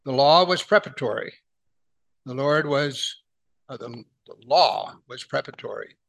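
A middle-aged man with a medium-pitched, animated, gravelly and fairly bright voice preaches verse by verse through the Bible. His style is conversational and full of rhetorical questions, and he slows right down whenever scripture is read aloud.

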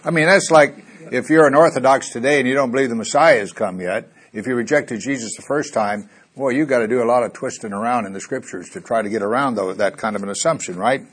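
Husky middle-aged guy from missouri preaching a bible study, reads verses out loud and throws questions at the room. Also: medium pitch, fast, few pauses. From Missouri, USA. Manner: reads scripture aloud with rising emphasis, asks the room questions. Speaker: pastor.

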